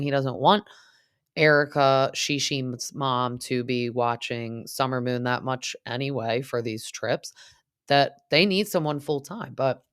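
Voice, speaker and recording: A woman's voice: rumbling low, fairly bright tone, dry recording, clean studio sound. A woman hosting a reality TV recap, talking in a chatty, casual way with lots of fillers and acted-out quotes.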